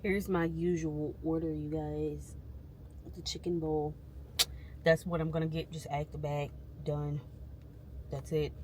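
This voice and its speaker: A woman's voice: low voice, level tone, measured pace, long pauses, darkish tone, a little hiss or hum. A woman, talking candidly and emphatically to viewers from her parked car. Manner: candid venting, frank and emphatic. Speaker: vlogger. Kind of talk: casual vlog chat.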